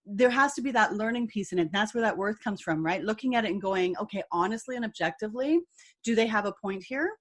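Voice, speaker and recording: A woman's voice: medium pitch, expressive, fast, a bit bright. A woman co-hosting a podcast, reflective and eager, asking probing questions. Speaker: podcast co-host. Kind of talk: casual podcast conversation.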